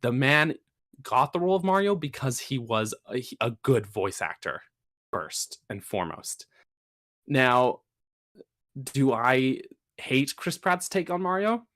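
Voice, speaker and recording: Guy cohosting a podcast, rambly and chatty, gets emphatic, mid pitched voice. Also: very animated, takes it slowly, a bit bright. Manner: chatty, rambling with restarts and fillers. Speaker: podcast co-host. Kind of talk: casual podcast chat.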